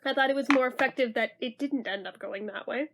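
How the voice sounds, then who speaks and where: A young woman with a high voice talks through a film in a loose, chatty way. She is sarcastic, swears freely and bursts into mock-dramatic outrage. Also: fairly quick, noisy background. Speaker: movie reviewer. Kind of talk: casual movie review.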